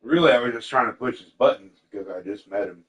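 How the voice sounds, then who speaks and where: A man's voice: mid-range voice, fast talker, rough recording. A young man chatting casually and candidly, swearing often and acting out what people said to him. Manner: candid and profane, quotes people in lively voices. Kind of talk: casual storytelling chat.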